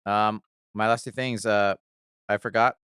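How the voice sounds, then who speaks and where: A man's voice: on the low side, steady tone, unhurried, fairly bright tone, smooth, no room sound, clean studio sound. Enthusiastic man hosting a podcast. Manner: enthusiastic, swearing, laughs often. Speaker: podcast host. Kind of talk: casual chat.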